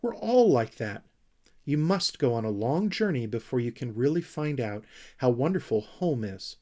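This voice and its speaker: A man voicing gentle wanderer Snufkin. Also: mid-range voice, big pitch swings, normal speed. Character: gentle wandering young male creature, calm and a little sad.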